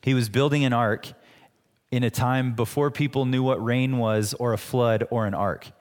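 Man, pastor, conversational sermon, mid-pitched voice, long reverb of a church hall. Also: steady tone, moderate pace. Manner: conversational teaching with frequent restarts.

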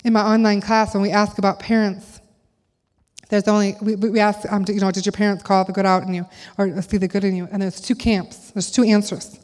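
Speaking to a church audience, this middle-aged woman preaches in a conversational style packed with rhetorical questions. Her pitch is medium and her tone level and darkish, with a slightly fast pace. The sound carries a long hall reverb.

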